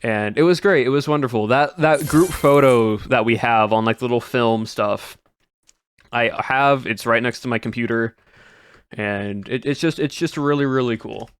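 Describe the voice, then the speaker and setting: A man's voice: medium pitch, normal speed, clear, resonant tone, no echo. A man streaming, chatting casually to his viewers in a rambling way with lots of "like" and restarts. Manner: rambling, full of "like" and restarts, laughs often.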